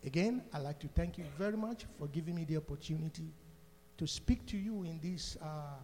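Older man, African accent, church testimony, fervent, high-pitched, long church reverb, faint hum. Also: brisk, warm tone. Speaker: church member giving testimony. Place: church sanctuary.

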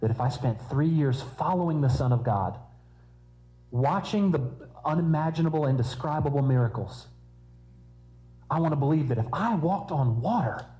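Male preacher, warm mellow tone, chatty sermon with jokey asides. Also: on the high side, expressive, normal speed, rough recording. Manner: conversational preaching with humorous asides.

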